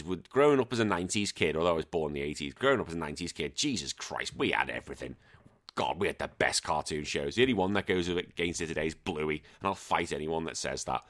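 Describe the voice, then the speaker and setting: A man's voice: low voice, fairly bright tone. Ranting, sweary man. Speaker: podcast host. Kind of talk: casual chat.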